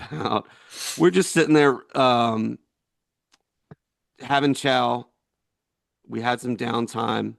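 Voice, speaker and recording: A man's voice: medium pitch, gravelly, no echo, clean studio sound. A man in his forties, a veteran being interviewed, telling a story in a rambling, laughing way with many fillers. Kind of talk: casual storytelling.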